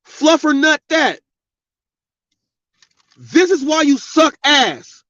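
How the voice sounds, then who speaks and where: A man's voice: very high-pitched, animated, takes it slowly, pushed and bright, no echo. A middle-aged man hosting a podcast, delivering an angry, profane, preachy rant. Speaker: podcast host. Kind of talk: ranting monologue. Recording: dull, lo-fi sound.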